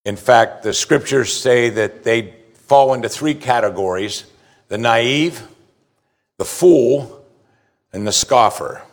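A middle-aged man preaching a sermon as pastor, earnest, and he slows down to stress key words. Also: medium pitch.

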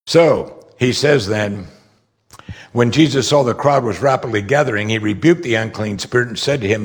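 A man preaching a conversational sermon, explaining scripture and rising sharply in pitch when he makes a strong point. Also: normal speed, husky. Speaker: pastor.

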